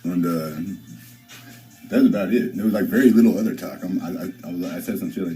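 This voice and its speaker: Young guy livestreaming, kinda low voice, rambly and cussing, faint music behind. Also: warm tone, rough recording. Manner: rambling, profane, halting restarts. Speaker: livestream host. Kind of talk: casual livestream chat.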